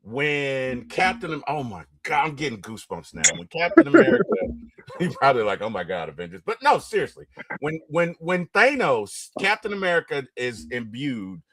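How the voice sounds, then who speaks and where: A middle-aged man hosting a casual interview, retelling movie scenes with a lot of excitement. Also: medium pitch, moderate pace, dry recording. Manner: animated, storytelling, gets excited and loud retelling movie scenes. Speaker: interview host.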